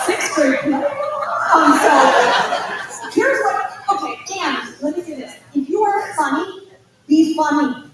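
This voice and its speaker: A woman giving an informal college admissions talk, telling chatty, animated stories with lots of asides. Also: sits high, unhurried. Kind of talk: informal presentation to parents and students. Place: school auditorium. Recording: echoey hall from far off, faint noise.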